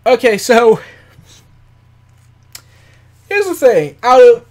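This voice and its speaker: A man's voice: extremely high pitch, sing-song, normal speed, darkish tone. A man hosting an unscripted commentary show, talking in a rambling, sarcastic way with frequent laughs and the odd swear word. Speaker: podcast host. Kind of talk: casual commentary.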